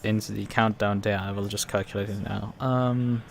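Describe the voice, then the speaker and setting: A man streaming a sim race, thinking aloud in a halting, self-correcting way with a German accent. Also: fairly low pitch, flat delivery, gravelly. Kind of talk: casual live-stream commentary.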